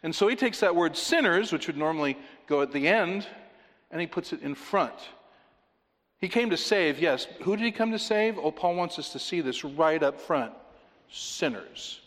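A man preaching a sermon, emphatic and repetitive, often dropping to a quiet, intense delivery. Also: fairly high pitch, lively intonation, normal speed, long reverb tail. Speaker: pastor.

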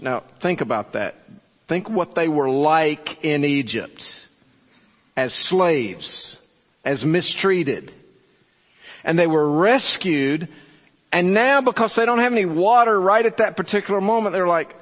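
A pastor preaching in an unhurried, deliberate way, leaning on rhetorical questions. His voice sits a little higher than most men's. It carries through the long reverb of a large church sanctuary. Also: animated, fairly bright tone. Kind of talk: sermon.

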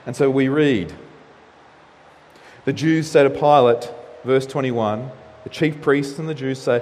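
A man preaching a sermon as pastor, lively and animated, acting out the quotes he reads. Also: mid-range voice, unhurried, long pauses, long reverb tail.

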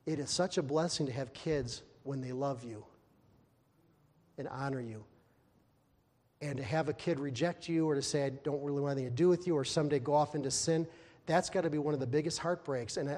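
A man preaching in a somewhat high voice, his words trailing into a long hall reverb. He retells the story with lively energy, raising his voice when he acts out the characters. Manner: animated storytelling, acting out the characters in raised voice. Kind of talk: sermon.

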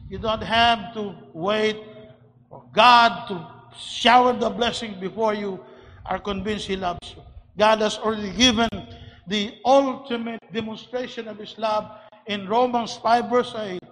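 Sitting high in pitch with fairly even intonation, a man preaches a little slowly, swelling from quiet remarks to shouted stresses and repeatedly restarting words as his points take shape. The room adds a long hall reverb.

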